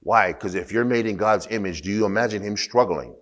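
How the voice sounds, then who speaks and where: A deep-voiced man preaching a sermon, talking to the congregation as if chatting. He drifts between low, loose asides and emphatic bursts of preaching. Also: brisk, a bit bright. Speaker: pastor.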